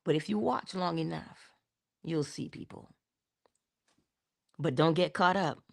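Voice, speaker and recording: A woman hosting a spiritual talk, animated and laughing often as she tells stories. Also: sits low, a little slow, creaky. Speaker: spiritual channel host. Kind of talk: casual spiritual talk to viewers.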